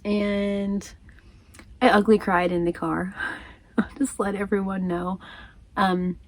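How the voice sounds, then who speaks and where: A crochet vlogger chats loosely to her camera, laughing often, losing her train of thought and carrying on in a friendly, easy way. Her pitch is mid-range for a woman, and she speaks slowly with a flat delivery.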